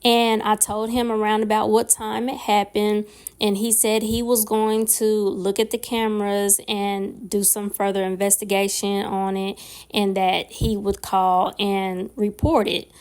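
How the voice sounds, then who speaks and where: A woman, telling a casual storytime vlog in an animated, profane way with lots of fillers. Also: medium pitch, measured pace, clean tone. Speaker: nail and craft vlogger.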